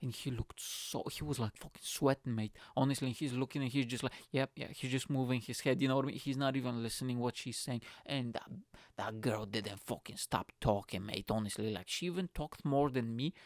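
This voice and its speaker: A male comedian hosting his solo podcast, telling stories in a hyper, swearing, fast-running rant on a close mic. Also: mid-range voice, dry recording.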